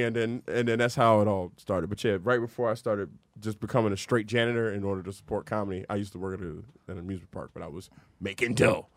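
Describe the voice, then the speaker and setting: A man's voice: lowish voice, fast talker, no room sound. A man, a comedian, telling a funny story in casual chat, acting out the voices of people in it. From Philadelphia. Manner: animated, acts out voices in his stories.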